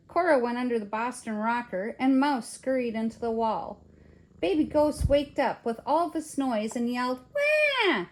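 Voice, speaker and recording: An older woman, a grandmother, reading a children's picture book aloud in an expressive way. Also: fairly high pitch. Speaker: storyteller.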